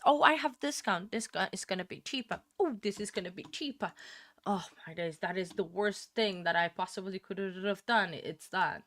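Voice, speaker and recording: A woman's voice: fairly low pitch, fairly bright tone, dry recording, studio quality. A woman hosting a livestream, chatting casually with viewers, emotional and laughing often. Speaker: livestream host. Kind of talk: casual chat with live chat.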